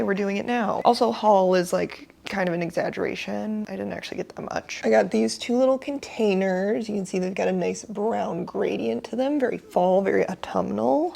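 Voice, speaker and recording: Young woman, vlogger, heavy vocal fry, chatty and self-deprecating, mid pitch, at home. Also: a little mellow. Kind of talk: casual vlog narration. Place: home apartment.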